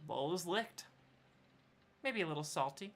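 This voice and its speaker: A woman game master runs a tabletop role-play game with a very low voice. She narrates in a relaxed, rambling way and often searches for words. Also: unhurried.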